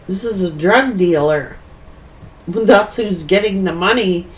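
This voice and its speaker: A woman reads tarot in a slow, meandering monologue. She circles back over her own points while thinking aloud. Her voice sits a little distant from the microphone. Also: mid-range voice. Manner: rambling and repetitive, thinking aloud. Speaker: tarot reader.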